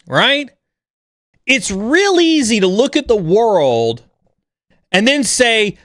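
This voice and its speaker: Blunt stream host guy, high voice, dry mic, talks in an animated rant. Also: slow pace, pauses often, no echo. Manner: blunt, animated, mocks others in an overreactive voice. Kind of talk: livestream chat.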